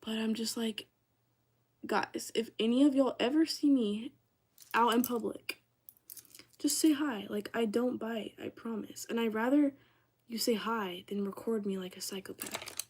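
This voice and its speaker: Chatty young woman streamer, higher voice. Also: a little slow, a little mellow, breathy edge. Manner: chatty, heavy use of "like", addresses viewers as "y'all". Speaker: livestreamer. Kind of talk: casual storytelling on a livestream.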